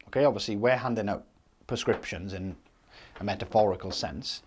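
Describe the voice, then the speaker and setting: A man teaching sales at a whiteboard, his voice sitting on the lower side. He talks straight to the point and keeps checking in with a quick "okay?" or "right?". It comes across as casual, hands-on coaching. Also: breathy edge.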